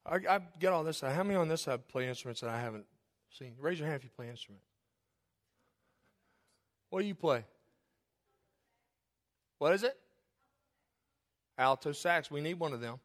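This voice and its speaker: A man preaching in a church, joking with the congregation, calling on people by name, then dropping into a soft, earnest tone. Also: a little high, expressive, normal speed, pauses often. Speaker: pastor. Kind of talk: sermon. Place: church sanctuary.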